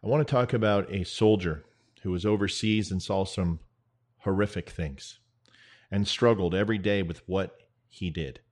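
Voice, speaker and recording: A man hosting his own show, telling a spoken parable in an earnest, measured way with dramatic pauses. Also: low voice, a little mellow. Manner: veteran advocate. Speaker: show host. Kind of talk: spoken parable, storytelling monologue.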